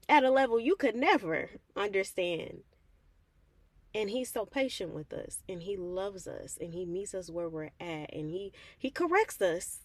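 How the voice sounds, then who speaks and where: A woman's voice: a little high, dry recording. A woman host sharing a personal faith testimony in a conversational, heartfelt way, acting out the prayers she quotes. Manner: conversational and heartfelt, calls listeners "baby", acts out quoted prayers. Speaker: host of a faith reflection channel.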